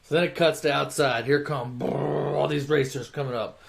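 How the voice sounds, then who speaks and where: A man's voice: medium pitch, steady tone, fairly quick, vocal fry. A man retelling a movie plot in a casual, rambling way, with lots of swearing and filler words. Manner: rambling, profane, full of fillers. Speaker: storyteller.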